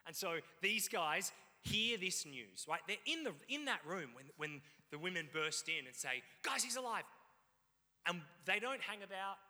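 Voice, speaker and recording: A man preaching a sermon, telling the story in an animated way with frequent asides to the congregation. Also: fairly high pitch. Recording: long reverb in a hall.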